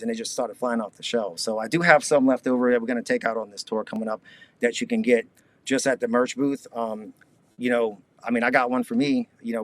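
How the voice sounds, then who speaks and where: Fast-talking laid-back man in his fifties. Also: medium pitch. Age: 50s. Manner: rambling, laid-back, lots of fillers. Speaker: guest musician. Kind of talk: casual interview chat.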